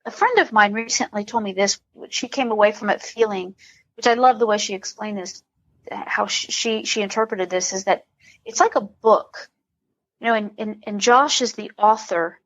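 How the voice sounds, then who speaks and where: A woman's voice: mid-range voice, steady tone, normal speed, highs cut off. A woman, a comedian guest on a podcast, talking in a rambling way with many restarts. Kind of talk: casual interview.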